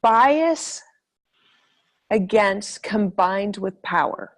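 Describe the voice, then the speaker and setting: A woman's voice: mid-range voice, animated, extremely slow. A woman in casual conversation, talking reflectively and hesitantly as she searches for her words.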